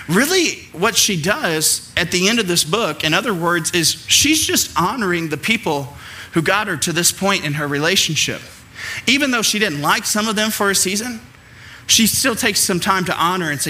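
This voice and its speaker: Middle-aged male pastor, bright forceful tone, chatty animated sermon delivery. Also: high voice, normal speed. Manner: animated, conversational preaching with playful asides.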